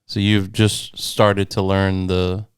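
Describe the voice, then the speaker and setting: A man's voice: low-pitched, flat delivery, takes it slowly, smooth, dry recording, clean studio sound. A young man co-hosting a podcast, making wry teasing quips in casual chat. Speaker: podcast co-host.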